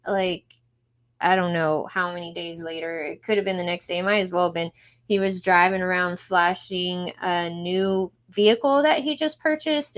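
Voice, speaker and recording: A young woman live streaming, chatting casually to her viewers as she reacts to videos. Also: medium pitch.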